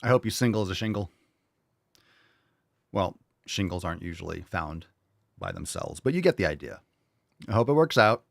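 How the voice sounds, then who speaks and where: Joking podcast host, low dry voice. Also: male voice, animated, creaky, no echo. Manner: joking, irreverent, quick asides and put-on voices. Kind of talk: live podcast chat reading viewer questions.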